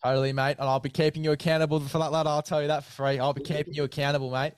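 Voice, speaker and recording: A man's voice: a little high, little pitch movement, rapid-fire, clean tone, no room sound. Blokey Australian male podcast host. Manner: blokey, matey, hyped ad-read banter. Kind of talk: casual sports chat.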